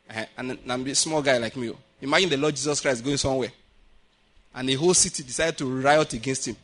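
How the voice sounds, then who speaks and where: A male pastor with a Nigerian accent delivers a lively sermon in a church. His voice sits somewhat high for a man. He tells stories and keeps asking his congregation whether they follow his point. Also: fast talker. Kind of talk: sermon with storytelling. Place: church building.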